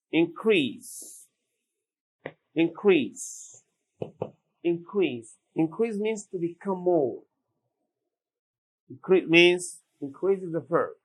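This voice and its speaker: A man teaching English vocabulary, repeating each word slowly and deliberately. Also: fairly high pitch, fairly bright tone, low-quality recording. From Sudan. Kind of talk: slow classroom vocabulary lesson.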